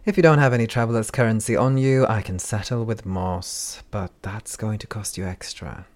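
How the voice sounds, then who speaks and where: A man's voice: on the low side, fairly even intonation, normal speed, a little mellow, lightly acted. A man voicing a prickly muttering ferry handler. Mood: curt. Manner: curt, muttering.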